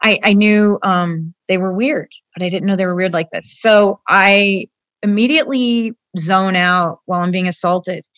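A woman's voice: mid-range voice, moderate pace, a bit bright, clean tone, no echo. A woman in her fifties, a guest telling her own story in an earnest, emotional way, often adding "like" and "you know" and speaking straight to the hosts. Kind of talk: personal account in a conversation.

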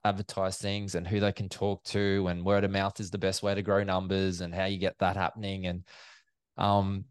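Chatty man, smooth voice. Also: on the low side, dry recording, clean studio sound. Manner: chatty and animated, acts out quoted exchanges. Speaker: event MC and commentator. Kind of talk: casual interview storytelling.

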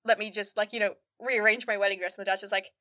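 A woman's voice: mid-range voice, fairly even intonation, fast, sharp tone, dry recording, clean studio sound. A woman chatting casually, retelling a film plot and acting out the characters' lines, with lots of "like" fillers. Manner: frequent "like" fillers.

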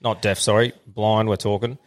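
A man's voice: on the low side, flat delivery, moderate pace. A man co-hosting a podcast in casual, sweary, laid-back chat. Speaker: podcast co-host.

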